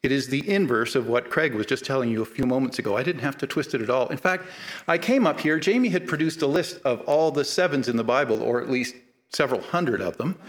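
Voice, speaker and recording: A man preaching a sermon to a live congregation, talking casually with humor and building to emphatic repeated phrases. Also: mid-range voice. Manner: conversational, building emphatic repetition.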